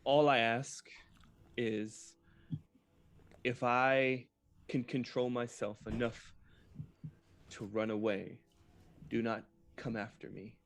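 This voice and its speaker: A man voicing a grave male warrior who fights an inner darkness, speaking slowly and solemnly in a tabletop game. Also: medium pitch, little pitch movement.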